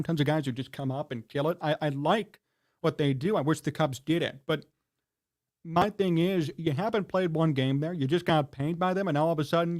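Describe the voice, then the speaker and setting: Male sports talk host with a high voice. Heated, indignant, scolding rant. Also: darkish tone.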